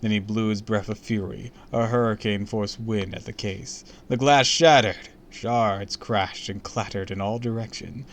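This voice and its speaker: A man's voice: lowish voice, steady tone, normal speed. A man reading a horror story aloud on a stream, dramatic and dropping into whispers for suspense.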